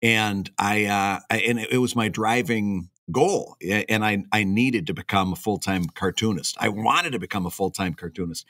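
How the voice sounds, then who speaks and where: A man co-hosting a casual podcast chat about cartooning, talking in a reflective, halting way. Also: lowish voice, a bit bright, no room sound.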